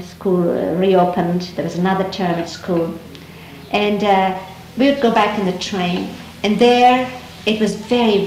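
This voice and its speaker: Middle-aged woman, Dari native, mid-pitched, unhurried reflective storyteller; 1970s tape, roomy and lightly hissy. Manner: gentle, unhurried, reflective, with many pauses and restarts. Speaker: speaker recounting memories. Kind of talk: reminiscing storytelling talk. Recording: roomy archival 1970s tape with faint hiss.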